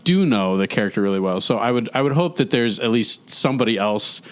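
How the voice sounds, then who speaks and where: A man's voice: medium pitch, lively intonation, fairly quick, a bit bright. A man co-hosting a podcast, easygoing and a bit hesitant in casual chat. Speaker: podcast co-host.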